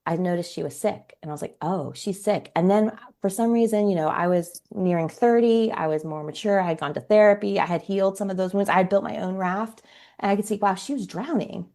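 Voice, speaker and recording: A woman's voice: mid-range voice, fairly quick, dark tone. A woman in her forties, a parenting coach on a podcast, telling stories animatedly and acting out quoted dialogue. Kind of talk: podcast interview storytelling.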